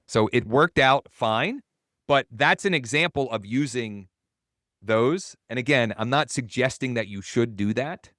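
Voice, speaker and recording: A man's voice: medium pitch, unhurried, a bit bright, no echo, clean studio sound. A man coaching real estate agents in a webinar, telling a story in a casual, rambling way and correcting himself as he goes.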